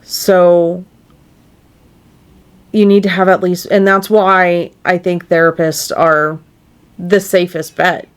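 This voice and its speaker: A woman co-hosts a casual podcast, speaking slowly and earnestly into her microphone. Her voice sits on the low side, and she rambles with lots of fillers and restarts. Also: level tone, clean tone. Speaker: podcast co-host.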